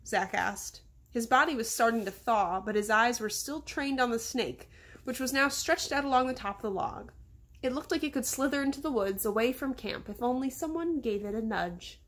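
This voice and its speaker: A woman's voice: medium pitch, moderate pace, fairly bright tone. A woman reading aloud from her children's novel at home, giving the boys' lines small voice shifts. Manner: stops to talk to her dog, then goes on reading. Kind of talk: storybook reading.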